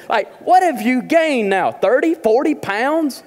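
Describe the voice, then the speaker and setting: A man's voice: very high-pitched, animated, unhurried, few pauses, darkish tone, in a large hall. A male pastor preaching a humorous, conversational sermon in a church. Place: church auditorium.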